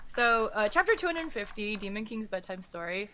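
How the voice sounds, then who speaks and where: A woman's voice: mid-range voice, animated, normal speed, sharp tone, slight background noise. A woman hosting a podcast in casual chat, peppering her talk with "like" and "um". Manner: chatty, fills with "like" and "um". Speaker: podcast host.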